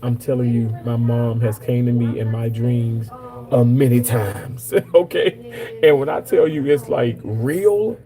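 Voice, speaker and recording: A man's voice: medium pitch, measured pace, mellow, faint music behind, low-quality recording. A man, around his thirties, casually chatting to his viewers and telling a long personal story with emphatic repetitions. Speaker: streamer talking to viewers. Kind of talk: casual live chat.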